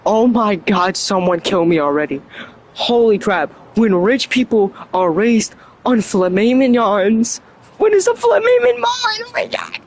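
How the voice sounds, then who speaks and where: Laughing frequently between lines, this young adult livestreamer stumbles over words and mocks themself in casual chat. Their medium-pitched voice has a sing-song quality and a measured pace.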